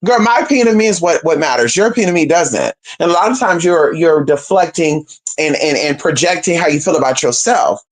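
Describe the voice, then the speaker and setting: A woman's voice: deep voice, animated, a little fast. A woman hosting a livestream, talking straight to viewers in a sassy, emphatic, swearing monologue, calling them girl and babe. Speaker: livestream host.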